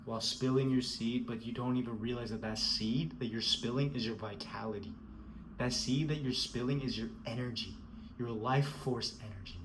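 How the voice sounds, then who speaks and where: A man's voice: medium pitch, a bit bright, slight background noise, rough recording. A man giving a scolding, emphatic motivational rant, repeating himself and calling the listener bro. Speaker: motivational speaker.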